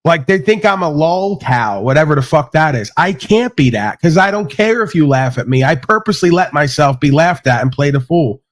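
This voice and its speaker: Brief: man, panel host, profane and insistent, slightly higher voice. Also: lively intonation, moderate pace, hardly any pauses. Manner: blunt, profane, emphatic. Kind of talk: heated casual panel talk. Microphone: remote stream call.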